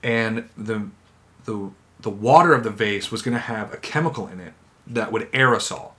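A man chatting casually on a podcast, telling animated stories with plenty of swearing and laughter. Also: on the low side, normal speed. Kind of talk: casual chat.

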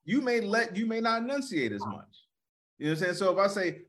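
A man's voice: high voice, huge pitch swings, quick pace, a bit bright. A male comedian co-hosting a podcast, chatting casually and animatedly, often repeating words as he starts a thought.

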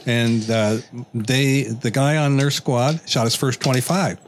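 An older man on a podcast who tells his stories plainly and without hurry, in a voice of average pitch. A faint hum of ambient noise sits behind him. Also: steady tone. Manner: plain, unhurried storytelling. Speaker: podcast host. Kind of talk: casual chat.

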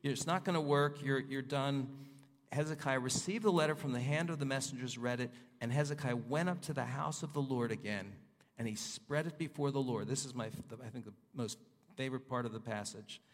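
A male pastor preaching a sermon, reading scripture aloud and voicing prayers with fervor, his pitch rising and falling. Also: fairly quick. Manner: rises and falls in pitch, voices prayers with fervor. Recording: long hall reverb.

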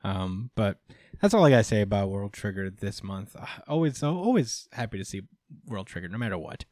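A man co-hosting a casual manga review podcast, relaxed and full of fillers, recapping with playful quoted voices. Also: on the low side, brisk, no room sound, clean studio sound. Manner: relaxed, many fillers, acts out characters in quotes. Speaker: podcast co-host.

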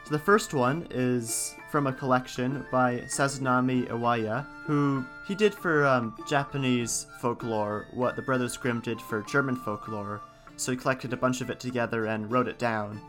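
A man reading an old folktale aloud as a storyteller, in a calm, unhurried way, giving the characters light voices. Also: medium pitch, faint music behind.

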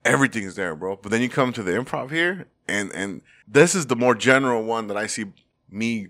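A man chatting casually as a comedy host, telling animated stories, acting out quotes and laughing often. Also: medium pitch, fairly quick. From Salvadoran family roots. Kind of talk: casual podcast chat.

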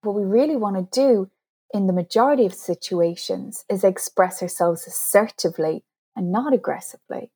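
Woman author on an interview, earnest and self-mocking, mid-pitched voice. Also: moderate pace, warm tone, slightly rough. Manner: explains earnestly, acts out quoted voices, laughs at herself. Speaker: author and guest expert on communication. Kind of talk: interview conversation.

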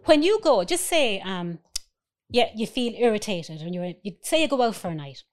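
A woman's voice: mid-range voice, very animated, normal speed. A woman, a spiritual healer guest, explaining earnestly in casual chat and checking in with "right?".

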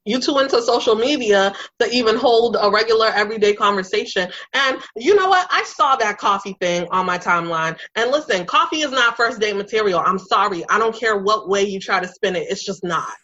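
A woman's voice: mid-range voice, animated, a little fast, few pauses, sharp tone. A woman co-hosting a casual talk show, giving blunt, emphatic opinions in a mid-range voice. Her recording has a dull, lo-fi quality, as if captured on a lesser microphone. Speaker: podcast co-host. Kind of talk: casual chat. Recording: dull, lo-fi sound.

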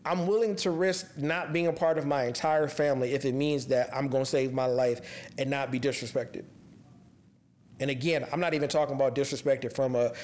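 A man's voice: medium pitch, fairly even intonation, fairly quick, darkish tone. A man hosting a podcast, speaking in a casual, candid personal monologue that turns raw and emotionally heavy. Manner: casual and conversational, restarts when upset. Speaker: podcast host. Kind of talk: personal monologue on mental health.

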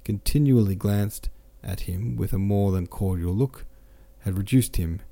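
A man narrating a classic novel as an audiobook, steady and correcting himself now and then. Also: lowish voice, measured pace, gravelly. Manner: steady, with small self-corrections. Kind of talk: audiobook reading.

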